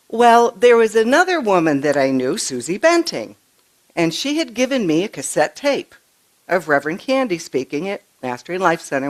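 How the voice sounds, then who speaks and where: An older woman minister giving a conversational sermon, telling stories in an animated way and often stumbling over and restarting her words. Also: low voice. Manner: chatty, animated storytelling with frequent restarts. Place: church sanctuary.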